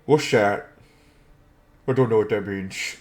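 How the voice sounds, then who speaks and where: A man voicing an excitable, naive male companion who rambles loudly and quickly. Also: on the low side. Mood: excited.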